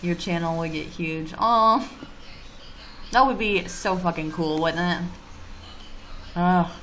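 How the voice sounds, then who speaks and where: A woman's voice: lowish voice, slow, a bit bright, slight background noise. A woman livestreaming casual chat, reading viewer comments and ranting bluntly with plenty of swearing. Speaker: YouTuber streaming live.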